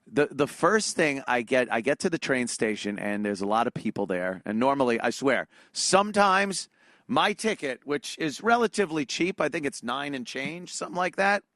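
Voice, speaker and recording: A man's voice: a little high, sharp tone, no room sound. Profane, annoyed New man ranting. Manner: annoyed, profane, sarcastic storytelling. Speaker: show host. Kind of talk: comedic rant.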